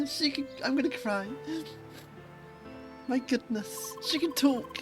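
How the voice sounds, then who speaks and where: A woman streaming a game live, who reads out its dialogue, chats along and giggles and reacts excitably. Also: high voice, takes it slowly, long pauses, over music. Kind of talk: live let's-play, reading game dialogue and chatting.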